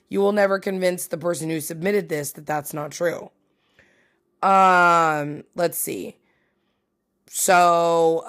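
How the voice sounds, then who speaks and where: A woman hosting a casual solo podcast from home, rambling and swearing as she mocks herself. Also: low voice. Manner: rambling, profane, self-mocking. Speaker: podcast host.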